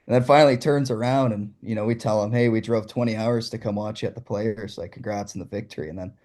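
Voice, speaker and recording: A young man from Ontario, telling an animated story as a guest in casual chat. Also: on the low side, quick pace. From Ontario, Canada. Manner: animated, excitable.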